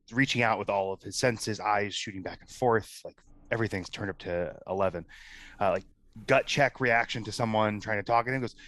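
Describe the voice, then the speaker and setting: A man's voice: on the low side, fairly bright tone. A man playing a tabletop role-playing game, casually describing his character's actions with plenty of fillers. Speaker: player.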